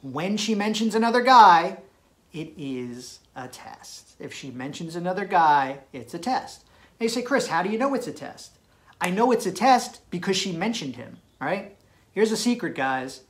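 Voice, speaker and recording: Unhurried yet very animated, this man delivers dating advice directly to the camera in a high, fairly bright voice. His style is punchy and emphatic, peppered with tag questions like "right?"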